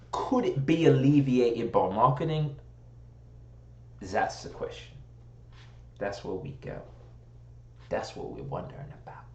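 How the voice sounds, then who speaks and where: An American man in casual, rambling chat, mocking himself and joking about slipping into a posh British accent. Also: fairly low pitch. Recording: echoey room.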